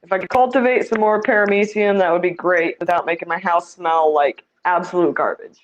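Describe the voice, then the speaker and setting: A woman's voice: lowish voice, steady tone, brisk, muffled recording. Chatty woman touring her fish tanks. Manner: chatty, self-deprecating, laughs easily. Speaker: fish breeder giving a tank tour. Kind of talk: casual tour chat. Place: home fish room with many tanks.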